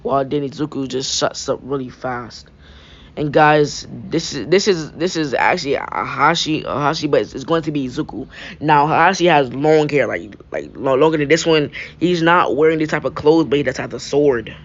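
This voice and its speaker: A man's voice: a little high, moderate pace, a little hiss or hum. A young man improvising a fan-fiction story, rambling with frequent restarts and filler phrases. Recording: dull lo-fi mic.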